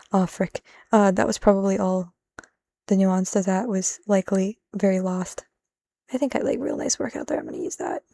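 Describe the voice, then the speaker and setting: A woman's voice: mid-range voice, vocal fry, mellow. A woman live-streaming as she translates a manga, thinking aloud in a rambling, self-interrupting way and dropping in Japanese phrases.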